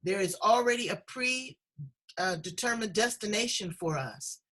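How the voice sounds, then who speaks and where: A woman's voice: mid-range voice, animated, moderate pace, a bit bright, husky, low-quality recording. A woman hosting a casual chat show over a video call, effusive and encouraging, speaking with strong emotion. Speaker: host.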